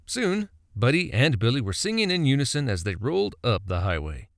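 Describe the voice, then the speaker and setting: Guy narrating a folksy story, gravelly, super lively delivery, dry close sound. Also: mid-range voice, a little fast, no echo. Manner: folksy, animated.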